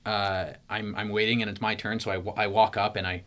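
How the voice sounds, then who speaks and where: A bright-voiced young man spinning a story in loose, casual chat. He leans on "like" all the time and jumps into animated replays of his own panic, voice climbing when he gets excited. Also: lowish voice, fairly quick.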